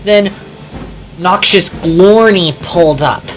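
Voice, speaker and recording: A woman telling a toy train story in an improvised way, with a slow, sing-song delivery. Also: lowish voice, faint music behind.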